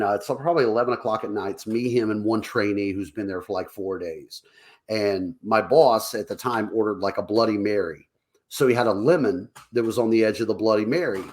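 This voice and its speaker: Animated storytelling man. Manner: animated, acts out quotes in higher voices, laughs often. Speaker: podcast co-host. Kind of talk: casual storytelling over drinks.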